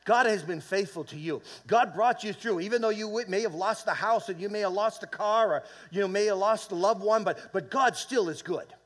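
A man with a high voice preaches a sermon in a church. He builds into loud, fervent bursts and calls on the room for amens. He often repeats and restarts words as he goes. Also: moderate pace, few pauses. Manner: fervent preaching with swells of volume and call-and-response. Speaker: pastor. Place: church sanctuary.

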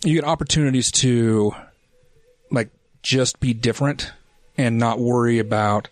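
A man's voice: medium pitch, measured pace, no room sound. A man in his forties from the United States, a podcast guest chatting casually and laughing easily at himself. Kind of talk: casual interview chat.

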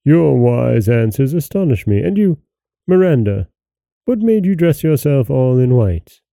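A man voicing a proud, quick-tempered old king, speaking sternly and with wrath. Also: mid-range voice, big pitch swings, gravelly, dark tone, no echo. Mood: stately.

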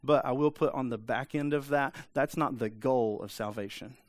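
Male pastor, conversational sermon, medium pitch, dry recording. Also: normal speed, no echo. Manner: conversational preaching, asks the congregation for amens.

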